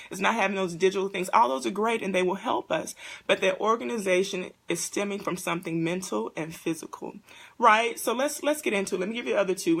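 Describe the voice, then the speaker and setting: A woman in her thirties hosting a casual live-stream chat for single parents, talking straight to viewers in an animated, preachy way. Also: fairly low pitch, vocal fry.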